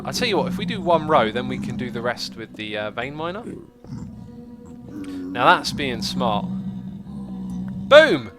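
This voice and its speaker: A man with a mid-range voice hosts a casual gameplay livestream, chatting, thinking aloud, and responding to viewer comments.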